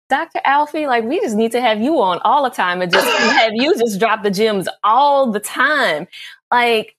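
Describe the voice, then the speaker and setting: Woman co-host, slightly high voice, effusive casual chat. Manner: effusive, admiring. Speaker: podcast co-host.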